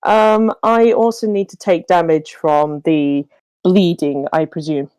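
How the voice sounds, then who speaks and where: A woman's voice: lowish voice, steady tone, slow, darkish tone, clear, resonant tone, no room sound. A woman playing a tabletop game, chatty and musing as she thinks aloud. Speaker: player. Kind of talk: casual tabletop play.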